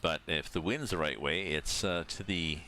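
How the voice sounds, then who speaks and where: A man's voice: deep voice, moderate pace, bright, forceful tone, slight background noise. An older Canadian man chatting casually and rambling while he streams a driving game from home. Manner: rambling, chatty, thinking aloud. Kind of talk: casual chat while playing.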